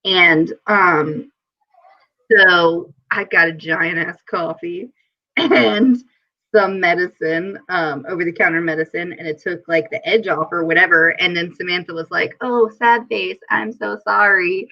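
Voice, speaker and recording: A woman hosting a live stream, chatting casually and telling stories in a giggly, animated way over a video call. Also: fairly low pitch, unhurried, highs cut off. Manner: giggly, animated storytelling with quoted asides. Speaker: host.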